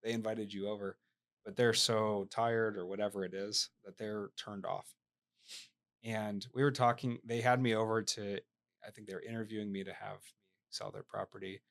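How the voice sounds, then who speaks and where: A man in a podcast interview, a sales professional telling a story in an animated way and often tagging his sentences with "right?". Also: on the low side, moderate pace, creaky. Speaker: guest, sales professional and real estate agent.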